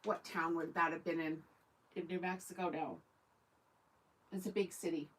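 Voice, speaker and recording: A woman's voice: fairly low pitch, steady tone, moderate pace, fairly bright tone, low-quality recording. A woman from Canada, hosting a casual sewing livestream, chatting in a rambling way and answering viewers' comments. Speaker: sewing channel host.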